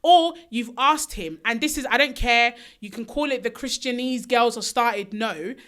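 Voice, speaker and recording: A young woman co-hosting a chat podcast, talking in slangy, animated bursts that slip into mock-preacher declarations. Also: fairly high pitch, moderate pace. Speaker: podcast co-host.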